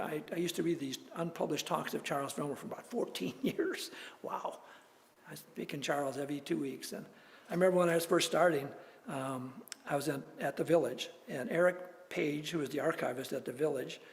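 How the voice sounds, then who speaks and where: Speaking in a slightly high, gravelly voice, a guest minister who sounds older shares personal stories during a sermon. He is animated and chuckles often as he tells them, and the church hall adds a long reverb.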